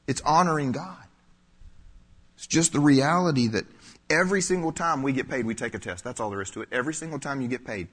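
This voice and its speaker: Preacher guy, kinda husky, acts out little voices mid-sermon. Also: medium pitch, lively intonation, fairly quick, fairly bright tone. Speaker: pastor. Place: church before a live congregation.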